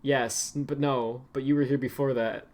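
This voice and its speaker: A man's voice: medium pitch, fairly even intonation, moderate pace, a little mellow. A man streaming, chatting casually and rambling with lots of fillers and restarts.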